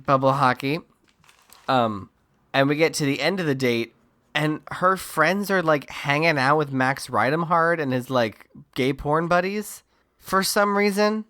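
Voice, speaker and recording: Male podcast co-host, sarcastic casual recapper, voice a bit on the high side. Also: a little slow, sharp tone. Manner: sarcastic, does silly impressions of characters. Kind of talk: casual movie recap chat.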